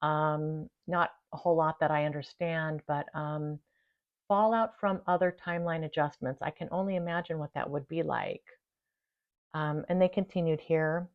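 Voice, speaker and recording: Low-voiced woman chatting to camera. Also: steady tone, moderate pace, narrow, tinny audio. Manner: chatty, warm thanks to viewers, easy laughs. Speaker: channel host. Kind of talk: casual talk to camera.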